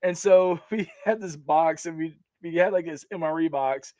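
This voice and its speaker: A young man with a slightly high voice tells army stories as a podcast guest, full of laughter, false starts and quick asides. The sound is dry and close, with no room ring. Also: dry recording. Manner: animated, laughs often, many restarts. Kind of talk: casual storytelling.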